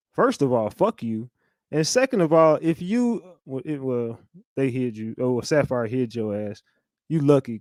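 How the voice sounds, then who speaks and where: A man's voice: medium pitch, a little mellow, dry recording, clean studio sound. A man hosting a reaction stream, talking bluntly in casual slang and calling the listener "fam" and "bro". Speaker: host reacting to clips. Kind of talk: casual commentary.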